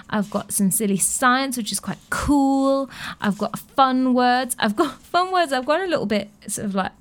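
A woman's voice: fairly high pitch, fairly bright tone. A young woman hosting a radio show, chatting in a playful, easygoing way between songs. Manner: chatty and playful, with light laughs. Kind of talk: casual radio chat.

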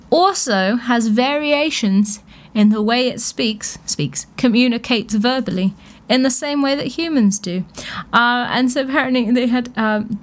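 A British woman hosting a radio show, chatting casually about science news with amused asides and lots of fillers. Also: on the high side. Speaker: radio host.

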